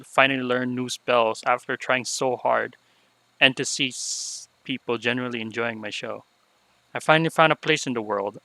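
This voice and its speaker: A man's voice: medium pitch, no room sound, poor audio. A man reading as a remorseful young unicorn mare. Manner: soft, subdued confessional reading. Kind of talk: reading game dialogue aloud.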